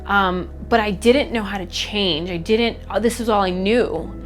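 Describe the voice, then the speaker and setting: A young woman from Chicago telling her personal story in a documentary interview, candid and reflective, halting often with fillers. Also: medium pitch. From Chicago, USA. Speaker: MMA fighter. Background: faint background music.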